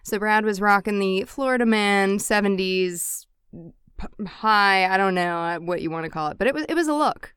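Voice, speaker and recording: Deadpan, smooth-voiced woman co-host. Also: medium pitch, moderate pace, no echo, clean studio sound. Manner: deadpan, sarcastic. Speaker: podcast co-host. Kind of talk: casual banter.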